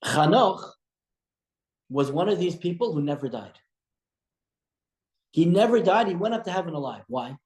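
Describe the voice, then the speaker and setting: A rabbi leading a breakfast study group, retelling old stories with animated energy and many restarts. His voice sits fairly high for a man. The room gives it a noticeable echo. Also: moderate pace, long pauses. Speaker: rabbi teaching a study class. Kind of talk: storytelling religious lesson. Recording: echoey room.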